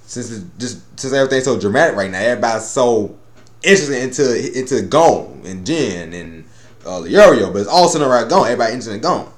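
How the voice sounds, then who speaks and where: A man rambles through an episode review, cursing as he goes and slipping into the characters' lines. His voice leaps up and down in pitch. The room around him gives off a noticeable echo. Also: animated, fast talker. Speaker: anime reviewer.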